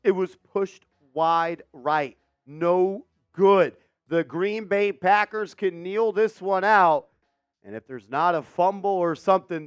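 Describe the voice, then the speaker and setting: A man hosting live game updates, with measured recaps that burst into shouting at big plays. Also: high-pitched, smooth, no room sound. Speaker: host. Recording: dull lo-fi dry stream audio.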